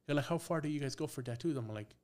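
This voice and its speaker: A man's voice: fairly high pitch, racing, darkish tone. A young man, a podcast guest, telling a story in casual talk, acting out both sides of the dialogue, swearing freely and dropping in Spanish phrases. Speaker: podcast guest, tattoo artist.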